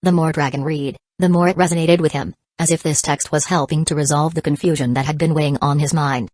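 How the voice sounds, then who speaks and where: A woman narrates an audiobook in a steady, even reading voice. Her pitch sits low for a woman. The sound is dry and close, with no room echo. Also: brisk. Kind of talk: scripted narration.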